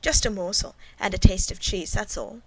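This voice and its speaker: A woman's voice: mid-range voice, creaky, no echo, rough recording. A woman reading as a cool, guarded servant woman. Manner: cool, measured and demure. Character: guarded, composed middle-aged woman servant. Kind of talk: audiobook reading.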